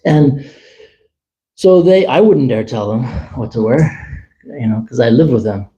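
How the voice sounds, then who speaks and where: A man telling a long personal story at a temple gathering, chatty and animated, acting out the dialogue. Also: medium pitch, a little slow, highs cut off. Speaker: temple speaker. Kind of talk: casual storytelling talk.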